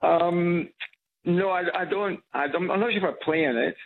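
Edinburgh Scottish man, radio caller, husky gravelly voice, tinny phone line. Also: sits high, normal speed. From Scotland. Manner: chatty, hesitant with fillers and repeats. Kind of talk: casual phone-in chat. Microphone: phone on loudspeaker.

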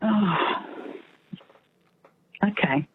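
A woman's voice: medium pitch, very slow. Chatty woman on a phone line. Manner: chatty, rambling, thinks aloud. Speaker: caller. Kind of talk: phone-in chat. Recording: tinny phone line with faint noise.

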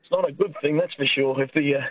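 A man calling in to a radio quiz feels his way through his answers with plenty of restarts. His husky voice comes through a thin phone line and sounds dry, with no room around it. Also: fairly high pitch, steady tone, quick pace, no echo. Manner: hesitant, restarts often. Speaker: caller. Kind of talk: phone-in chat.

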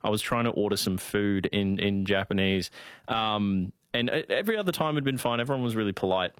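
A man with a rural Australian accent, co-hosting a casual talk show and telling stories in an animated, chatty way with many fillers. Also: lowish voice, a little fast, clear, resonant tone, dry recording. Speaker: show co-host. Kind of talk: casual chat.

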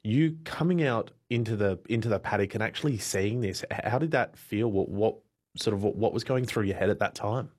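An interviewer asks his questions in a stumbling, stop-start way. His voice is husky and sits low. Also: a little fast, a little mellow. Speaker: radio interviewer.

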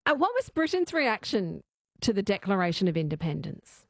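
A woman's voice: medium pitch, very animated, normal speed, vocal fry, no room sound, clean studio sound. A woman hosting an interview and asking reflective questions. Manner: inquisitive, reflective. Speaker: interviewer, host.

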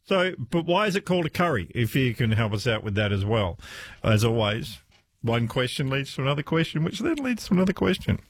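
Lively husky-voiced radio host. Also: male voice, mid-range voice, fairly quick, no echo. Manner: lively, chatty, laughs easily. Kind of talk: phone-in radio chat. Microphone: studio microphone.

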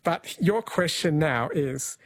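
A man's voice: fairly high pitch, animated. A man hosting a late-night radio quiz, chatting with callers. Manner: chatty, friendly, spells words out slowly. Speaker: radio host. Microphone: studio mic.

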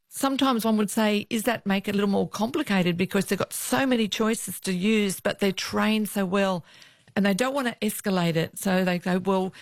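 Casting: woman, ex-cop guest, anecdotal and lively, dry close sound. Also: lowish voice, gravelly, dry recording. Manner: lively anecdotal, acts out voices in quotes. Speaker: former police officer, guest. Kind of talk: storytelling interview.

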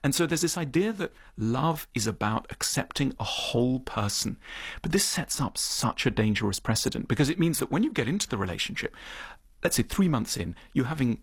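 A middle-aged man, a guest author, explaining his ideas in an animated conversational way, acting out little dialogues. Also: medium pitch, brisk, breathy edge, dry recording, studio quality.

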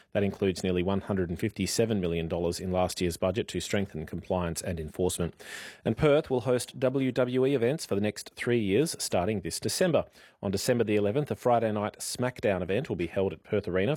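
A man's voice: low voice, darkish tone, dry recording. A man reading news items on radio and bantering with his co-host in the studio. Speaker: radio newsreader. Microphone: studio microphone.

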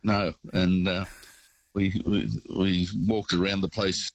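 Older man, Australian accent, radio caller, rambling storyteller, very deep voice, dry sound. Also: level tone, a little slow, no echo, muffled recording. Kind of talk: phone-in anecdote.

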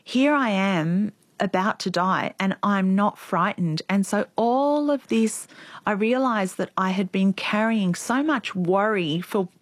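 A woman in her forties, telling a personal story as an interview guest in an earnest, reflective, quietly emotional way. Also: mid-range voice, takes it slowly, no room sound.

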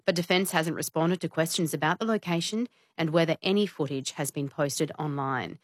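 A woman narrating a news report in a measured, formal way. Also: low voice, no echo, clean studio sound.

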